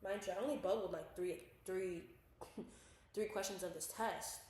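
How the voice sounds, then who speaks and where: A young woman telling a story on a casual podcast, animated and loose with her swearing. She acts out the lines people said and sits at a middle pitch. The room is very echoey. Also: measured pace. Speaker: podcast co-host.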